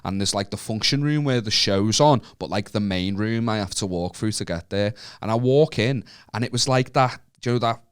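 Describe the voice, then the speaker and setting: A man's voice: lowish voice, brisk, hardly any pauses, clean tone. A man with a Scouse accent, co-hosting a comedy podcast and telling a rambling anecdote full of restarts and swearing. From Merseyside, England. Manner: swears freely, rambling with restarts, laughs often. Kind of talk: casual storytelling chat.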